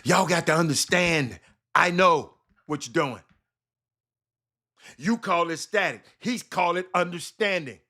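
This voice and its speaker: A man's voice: a little high, expressive, unhurried, long pauses, bright, forceful tone. A man hosting a live sports talk show with a Southern US accent, speaking animatedly and calling out chat viewers by name.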